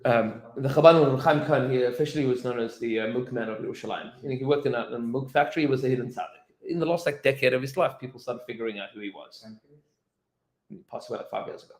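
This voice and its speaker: A man's voice: medium pitch, fast, reverberant, low-quality recording. A man, a rabbi, teaching an informal Torah class, telling stories with lots of fillers and restarts and acting out the quoted lines. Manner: animated storyteller, many fillers and restarts, acts out quotes. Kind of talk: informal Torah lesson with storytelling.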